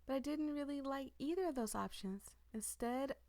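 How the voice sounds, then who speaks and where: Woman reading a calm, gentle young heroine. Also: high voice, normal speed, dry recording, voice pushed up. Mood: tender.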